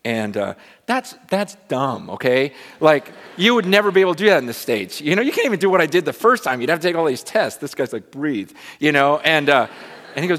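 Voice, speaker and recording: A man in his forties, a pastor telling a lively personal story in a sermon, rising to excitement and dropping to hushed, prayerful tones. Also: mid-range voice, brisk, long reverb tail. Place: large church hall with a congregation.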